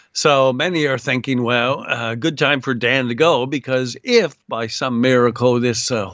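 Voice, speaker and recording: A man speaks bluntly and sarcastically, peppering his talk with uh fillers as he gives his commentary. His voice is medium in pitch and comes over a dull, muffled line. The sound is dry, with no room around it. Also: fairly bright tone, no echo. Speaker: guest commentator. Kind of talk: casual political commentary.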